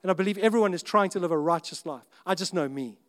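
Animated man preaching. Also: sits high, fast. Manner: earnest, conversational, with self-interrupting restarts and sudden rises in volume. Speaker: pastor. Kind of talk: sermon.

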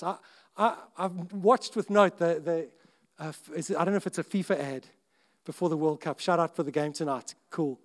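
Male pastor, high-ish voice, sermon delivery that is chatty and earnest, with restarts and bursts of volume. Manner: earnest, conversational, with self-interrupting restarts and sudden rises in volume.

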